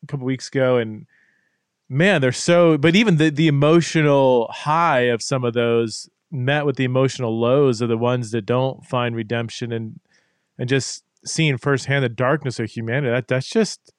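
A man's voice: medium pitch, normal speed, clean tone, dry recording, studio quality. A man hosting an interview, responding in a thoughtful way while searching for his words. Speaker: podcast host. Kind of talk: casual interview talk.

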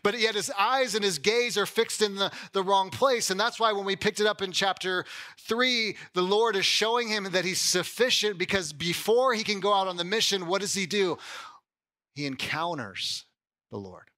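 Speaking at a normal pace in a high-pitched voice, the pastor keeps his sermon casual. Frequent "like"s and "right?"s fill his delivery, and he becomes animated as he acts out someone's doubts.

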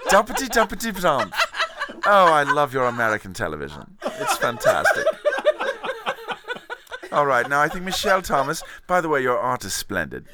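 A man's voice: fairly high pitch, huge pitch swings, normal speed, pauses often, heavy background noise. A man putting on a posh English author. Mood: flamboyant. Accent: put-on English. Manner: theatrical, calls people darling. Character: flamboyant self-important English man author.

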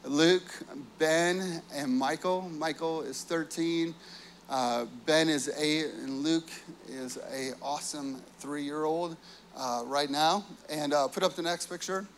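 Casting note: thirtysomething male pastor, high-pitched, loose chatty storyteller. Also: takes it slowly, a little hiss or hum. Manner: chatty, full of "like" and "you know". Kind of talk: sermon story.

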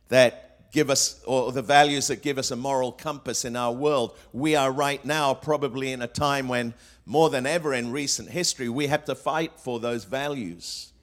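Man preaching a sermon. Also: medium pitch. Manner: preaching with rhetorical questions and quotes, frequent fillers and restarts. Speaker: pastor.

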